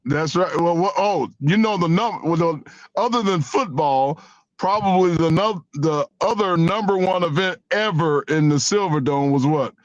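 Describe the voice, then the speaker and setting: High-voiced man telling a stammering story. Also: normal speed, no room sound, dull audio. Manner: animated storyteller who stammers and repeats words. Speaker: radio show co-host. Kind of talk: casual sports radio storytelling. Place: radio studio. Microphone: studio microphone.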